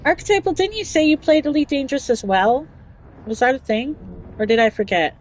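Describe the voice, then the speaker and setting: A woman's voice: high-pitched, very animated, brisk, low-quality recording. A woman hosting a casual livestream chat, talking chattily, giggling often and reading chat messages aloud. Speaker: livestream host.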